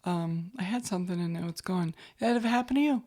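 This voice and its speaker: A woman's voice: on the low side, quick pace, a little mellow, a little hiss or hum. A woman comedian co-hosting a podcast, joking bluntly and swearing freely in casual chat.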